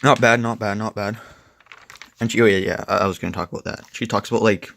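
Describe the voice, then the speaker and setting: A young man with a low, gravelly voice rambles through a comic review, swearing freely and tossing in "like" every few words. The sound is close and dry. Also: steady tone, fast talker, fairly bright tone, dry recording. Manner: rambling, profane, filler-heavy. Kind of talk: casual review chat.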